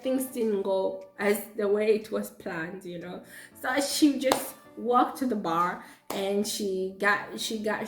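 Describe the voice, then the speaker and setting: A woman with a Zambian accent telling a storytime vlog, animated and laughing often as she talks. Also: medium pitch. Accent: Zambian English. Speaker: vlogger. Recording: roomy echo with faint background music.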